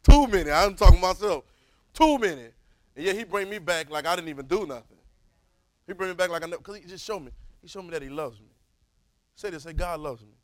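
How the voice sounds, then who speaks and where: A man, teaching a Bible class in a preaching style, calling for responses and swinging from soft to loud. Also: high-pitched, lively intonation, fairly quick, no echo, poor audio.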